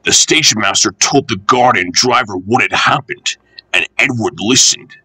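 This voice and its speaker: A man reading a children's railway storybook aloud, expressive and animated. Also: fairly low pitch, normal speed, husky, no room sound, low-quality recording.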